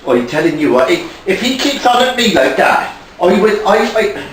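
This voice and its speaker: A man's voice: sits high, very animated, moderate pace, a little hiss or hum. Man putting on a hesitant stammering presenter, echoey room, distant mic. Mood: placating.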